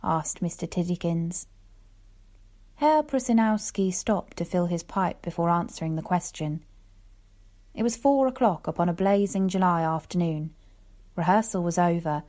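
Woman reading an old story, lowish voice. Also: normal speed, warm tone. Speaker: audiobook narrator. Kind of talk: scripted narration.

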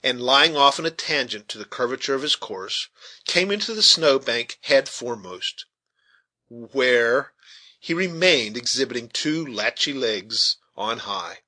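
A man reading a classic novel aloud with expressive, animated storytelling. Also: medium pitch. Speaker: audiobook narrator.

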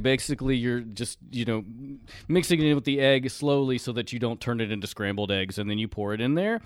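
A man's voice: mid-range voice, brisk, clear, resonant tone, no room sound, clean studio sound. A man from Long Island with a Long Island accent, hosting a casual podcast chat, reading a drink recipe and then explaining it with lots of "like" and trailing thoughts. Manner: trails off, hunts for words, says "like" often. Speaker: podcast host making drinks.

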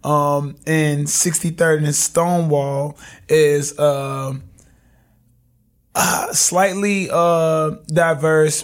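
Young guy on a podcast, raspy gravelly voice, laughs a lot telling stories. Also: a little high. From Chicago. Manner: laid-back, laughing, animated storytelling. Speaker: podcast guest. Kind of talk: casual conversation.

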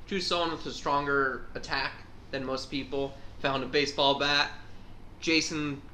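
A man co-hosting a casual podcast chat, an animated storyteller who acts out voices. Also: medium pitch, moderate pace. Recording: echoey room, faint hum.

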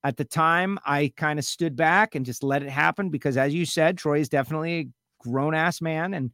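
A man's voice: a little high, a little fast, fairly bright tone, no room sound, clean studio sound. A man hosting a radio talk show, chatting casually and teasing his co-host with rambling asides.

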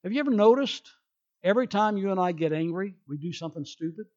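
A man's voice: high-pitched, lively intonation, fast, darkish tone, dull audio. A male pastor preaching a sermon emphatically, acting out people's excuses in quoted voices.

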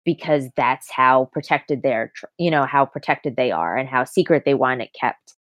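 Low-voiced woman retelling a story. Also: moderate pace, dry recording, lo-fi sound. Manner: lively retelling of plot, acting out characters. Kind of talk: casual book discussion.

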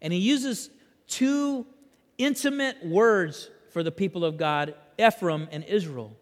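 A man preaching a sermon, swinging between loud emphasis and hushed passages and leading the congregation in repeating lines. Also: high voice, expressive, slow. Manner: leads the congregation in call-and-repeat. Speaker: pastor. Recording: long reverb of a large hall.

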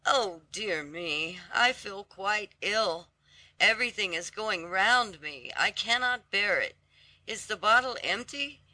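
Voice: medium pitch, animated, slow pace, bright, forceful tone, dry recording, voice pushed up, full character voice. A reader voicing a poor, exhausted washerwoman who speaks in trembling, pleading tones in a storybook reading. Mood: faint, pleading. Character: worn-out poor washerwoman, grieving mother.

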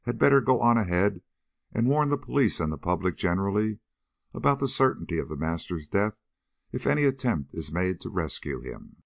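A man reading aloud gives voice to a hard, cold-nerved adventurer who barks short, icy orders. The voice sits very low with a gravelly edge, yet swings widely in pitch. The sound is dry and close. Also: very animated, brisk, dry recording, full character voice. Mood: commanding. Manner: curt, cold commands.

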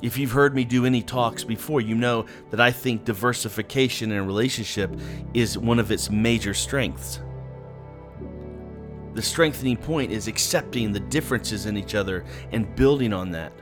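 A man's voice: on the low side, normal speed, music in the background. A man giving an earnest, conversational devotional talk, speaking directly to the listener.

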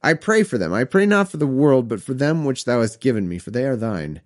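A man reading scripture aloud slowly and breaking off into wry, self-mocking comic riffs. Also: medium pitch, sing-song. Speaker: comedic scripture reader.

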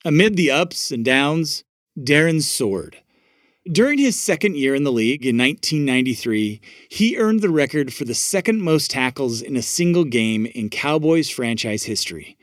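A man's voice: mid-range voice, big pitch swings, normal speed, no echo. Man narrating a sports documentary, dry sound. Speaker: host and narrator. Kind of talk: interview and scripted narration.

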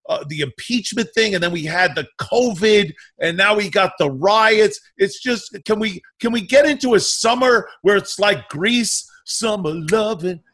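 Bright-voiced man, comedy podcast banter. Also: high voice.

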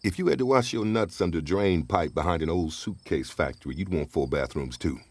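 A man's voice: deep voice, brisk. An actor playing a down-on-his-luck divorced father, talkative and wisecracking, often laughing. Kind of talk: radio drama acting.

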